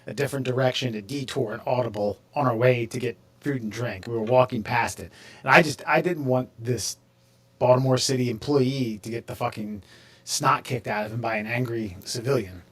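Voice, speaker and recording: A man's voice: medium pitch, a little fast, slightly rough. A man co-hosting a podcast, telling a story with restarts and casual swearing. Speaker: podcast co-host.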